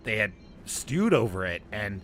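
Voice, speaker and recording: A man's voice: lowish voice, sing-song, unhurried, a bit bright. A man telling a long, rambling personal story in casual chat, often laughing and restarting.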